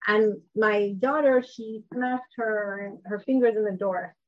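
A woman's voice: mid-range voice, takes it slowly. A woman in her thirties teaching a class in a chatty way, often asking the group questions. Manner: conversational, asks the class questions. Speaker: Torah teacher. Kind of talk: informal class talk to a group. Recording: dull lo-fi class recording.

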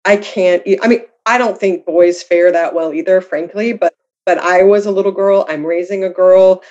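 A woman's voice: fairly low pitch, fairly even intonation, moderate pace, darkish tone. A woman speaking as a guest author, telling her own story candidly and reflectively, with self-deprecating humor. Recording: slightly dull lo-fi audio.

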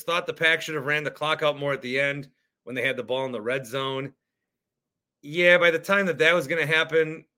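A man hosting a casual sports podcast, reading out listener comments and ranting with animated frustration. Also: mid-range voice. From Italian-American family. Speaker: podcast host.

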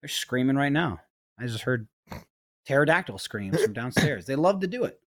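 A man in his thirties chatting casually on a podcast, telling lively stories, swearing freely and mimicking his kid. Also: mid-range voice, moderate pace, no echo, studio quality. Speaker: podcast host. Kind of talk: casual chat.

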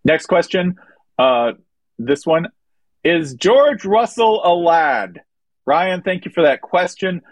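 A man's voice: on the high side, very animated, takes it slowly, no echo. A man hosting a motorsport podcast, chatting casually and joking as he reads out listener questions. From United States. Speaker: podcast host. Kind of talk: casual chat.

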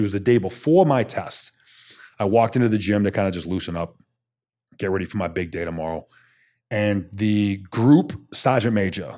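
Thirtysomething guy, lowish voice, tells army stories blunt and animated, swears some. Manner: animated storyteller who acts out quotes, blunt and salty. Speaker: podcast guest, Army special forces soldier. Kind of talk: storytelling in a casual interview.

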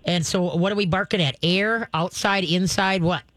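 A woman's voice: on the low side, fairly even intonation, moderate pace, a bit bright, slight background noise. A woman hosting a call-in show as a dog trainer, chatty and folksy, acting out firm commands. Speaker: dog trainer radio host. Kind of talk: casual call-in advice.

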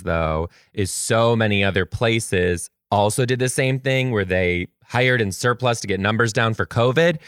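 A man who teaches kindergarten, telling a story to his viewers in a gushing, animated, chatty way. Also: fairly low pitch, no room sound, clean studio sound. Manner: chatty with frequent "like" fillers.

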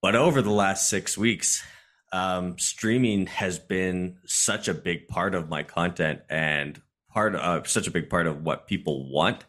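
A man's voice: low voice, a little slow, fairly bright tone. A man, a streamer guest on a podcast, chatting casually and explaining his views at length.

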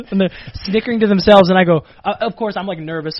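A husky-voiced man from Canada tells his stories quickly and keeps restarting his sentences as he goes. The sound is dull and lo-fi. He is a wrestler guest in a relaxed sit-down interview. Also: a little high. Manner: animated storyteller, many fillers and restarts. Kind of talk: casual interview storytelling.

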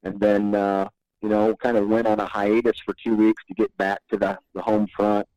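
A man's voice: lowish voice, little pitch movement, moderate pace, darkish tone, dry recording, low-quality recording. A man guesting on a podcast, telling stories in a laid-back, rambling way and chuckling often. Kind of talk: casual podcast storytelling.

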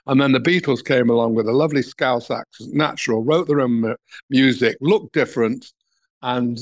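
Older English man, talent manager, anecdotal interview storyteller with a chuckle. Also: medium pitch. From England. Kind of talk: reminiscing interview answers.

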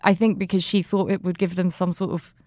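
A woman's voice: on the low side, level tone, fairly quick, darkish tone, no room sound, studio quality. A woman hosting a podcast interview, talking in an enthusiastic, chatty way. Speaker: podcast host. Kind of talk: conversational interview.

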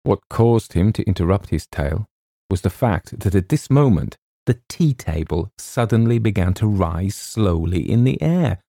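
Deep gravelly guy reading a funny story, measured and wry. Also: lively intonation, mellow, dry recording, studio quality. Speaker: audiobook narrator. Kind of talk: scripted narration.

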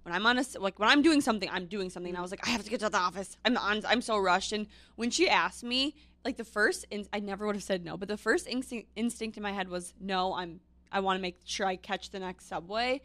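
A young woman co-hosting a podcast, telling stories in a chatty, animated way. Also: medium pitch, quick pace, dry recording. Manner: chatty, animated storytelling with laughs. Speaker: podcast co-host. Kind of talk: casual chat.

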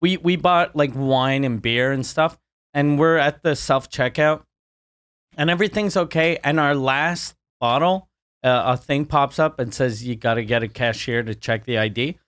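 A man's voice: mid-range voice, normal speed, a bit bright, smooth, dry recording, clean studio sound. A man in a casual podcast chat, rambling and jokey with crude humor. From Canada.

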